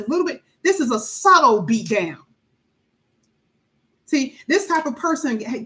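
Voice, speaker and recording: A woman giving a tarot reading to viewers, talking emphatically and acting out the voices of people she describes. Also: fairly high pitch. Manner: animated, acts out quoted voices, emphatic repetition. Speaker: tarot reader.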